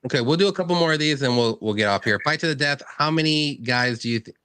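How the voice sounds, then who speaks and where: A man's voice: a little high, fast talker, bright, forceful tone, smooth. A man hosting a casual live stream, reading chat comments aloud in a playful, giggly way. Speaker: stream host.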